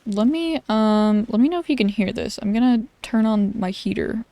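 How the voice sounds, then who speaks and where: A woman's voice: fairly high pitch, lively intonation, normal speed, mellow, no room sound. A woman streamer giving casual, wry commentary as she plays, thinking aloud.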